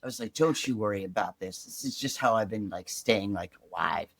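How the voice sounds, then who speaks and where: A man's voice: lowish voice, brisk, vocal fry, dry recording. A young man from Chicago, a podcast guest telling his own story in a casual, chatty way full of "like". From Chicago, USA. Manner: chatty, peppered with "like", animated retelling.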